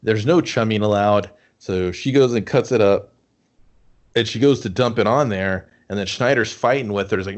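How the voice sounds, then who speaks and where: Man, movie podcast co-host, lowish voice, laid-back scene recaps, casual swearing. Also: normal speed, muffled recording. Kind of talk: casual movie review chat.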